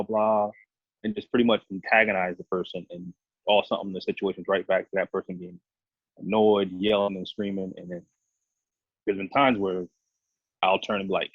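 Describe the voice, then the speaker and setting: A police officer talking in a casual podcast discussion, explaining earnestly and rambling, with many restarts. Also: male voice, low-pitched, flat delivery, normal speed, slightly rough, no room sound. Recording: dry, tinny phone-like line.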